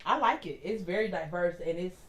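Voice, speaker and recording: An animated woman co-hosts a casual podcast conversation. She laughs easily and slips into playful impressions as she talks. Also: lowish voice, brisk, slight background noise. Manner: animated, laughs often, mimics voices. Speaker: podcast co-host. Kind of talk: casual chat.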